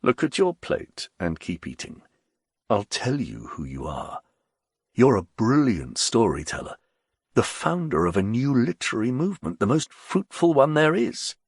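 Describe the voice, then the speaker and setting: A man voicing a composed nobleman who speaks in a measured, reassuring way. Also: mid-range voice, very animated, breathy edge, no room sound, studio quality, voice pushed up, heavily acted. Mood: calm, measured. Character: calm, composed nobleman, quietly persuasive.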